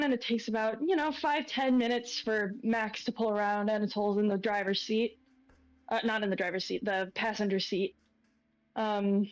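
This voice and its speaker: A woman's voice: medium pitch, rough recording. A woman narrating as game master of a tabletop role-playing game, loose and full of fillers.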